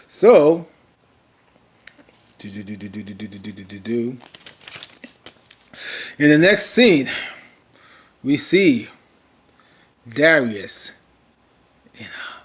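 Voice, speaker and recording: A man's voice: medium pitch, expressive, slow pace, pauses often. A man casually recapping a TV drama episode, rambling with many fillers and restarts and briefly mimicking characters.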